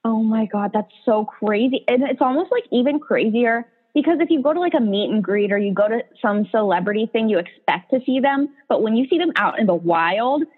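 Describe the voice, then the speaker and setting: A woman's voice: on the high side, lively intonation, a little fast, few pauses, breathy edge. Chatty young woman on a tinny line. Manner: chatty storyteller, heavy "like" filler. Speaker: podcast host. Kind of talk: casual chat.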